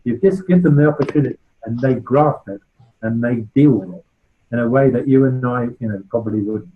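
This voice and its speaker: This charity founder, a man in his sixties from England's West Country, talks fairly quickly in a mid-range voice, his speech carried on phone-quality sound. Addressing a club informally, he's chatty and anecdotal, regularly asking "right?".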